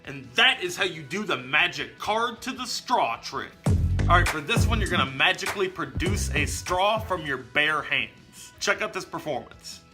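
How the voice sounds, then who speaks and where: A man's voice: on the high side, animated, moderate pace, over music. A man hosting a magic tutorial, explaining each trick step by step in an upbeat way. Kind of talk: instructional demonstration.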